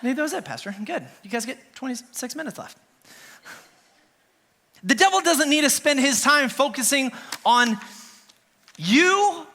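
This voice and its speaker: A man in his thirties, a worship pastor preaching a sermon in church, animated and laughing as he acts out scenes. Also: extremely high pitch, normal speed, long pauses.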